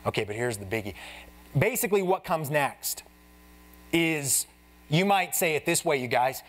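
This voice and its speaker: A man's voice: fairly high pitch, normal speed, long pauses. A man preaching as a pastor in a church, teaching in a casual, chatty way, talking to the congregation like friends and acting out Bible scenes. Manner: acts out the Bible characters in lively voices. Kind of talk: expository sermon. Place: church sanctuary.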